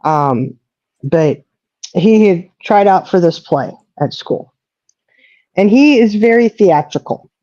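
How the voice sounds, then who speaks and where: Middle-aged lady telling stories on a stream, mellow voice, kinda lo-fi dull audio. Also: on the low side, slow, long pauses, no room sound. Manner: chatty storyteller, animated quoting. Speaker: co-host. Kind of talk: casual chat on a livestream.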